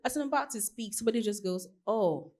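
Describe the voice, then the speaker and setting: A woman from Nigeria in her thirties, a costume designer answering on a panel as an animated, laughing storyteller. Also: a little high, very fast.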